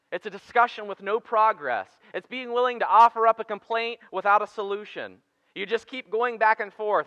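Bright-voiced man preaching a sermon. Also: fairly high pitch, no echo. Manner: conversational preaching, jokey asides, swings from quiet to emphatic. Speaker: pastor. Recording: dry, muffled church sermon recording.

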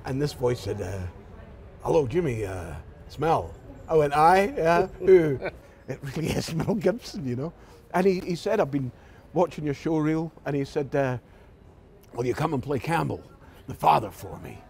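A man's voice: on the high side, moderate pace, gravelly. A Scottish man with a Glasgow accent, an actor guest telling anecdotes in an interview and acting out the voices of the people in them. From Scotland. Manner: animated storyteller acting out quoted lines.

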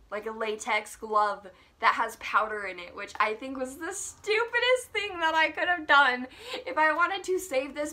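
Bright-voiced young woman telling a story. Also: on the high side. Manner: animated, laughing, lots of "like". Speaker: vlogger. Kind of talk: casual storytime vlog.

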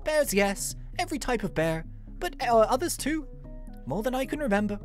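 A fussy, motherly old spirit bear, as a woman puts her on, with a put-on Irish lilt, reading game lines in a high, fluttery, sing-song voice much higher than her usual one. She swoops up and down and keeps calling the player dear, with light background music. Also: sing-song, moderate pace, a little mellow. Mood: fussy, doting. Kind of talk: reading game dialogue aloud in a voice.

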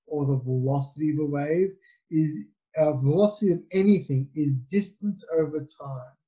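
Give me a slow, mellow-voiced male physics teacher on a dull, lo-fi recording. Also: a little high. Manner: conversational, rambling explanations with fillers. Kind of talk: recorded classroom lecture.

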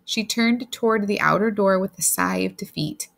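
Woman reading a story with a gravelly voice. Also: mid-range voice, normal speed, a bit bright. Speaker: audiobook reader. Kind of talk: scripted narration.

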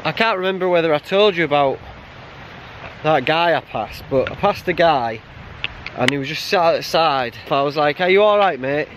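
A man chatting casually while hiking a mountain trail, blunt and quick to laugh. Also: fairly high pitch, a bit bright, a little hiss or hum. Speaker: hiker vlogger. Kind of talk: casual outdoor vlog chat.

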